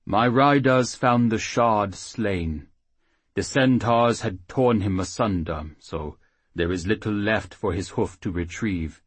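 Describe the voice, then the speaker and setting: A man voicing a small, solemn male halfling high priest who speaks formally and slowly. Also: breathy edge, no room sound. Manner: formal, grave, slow.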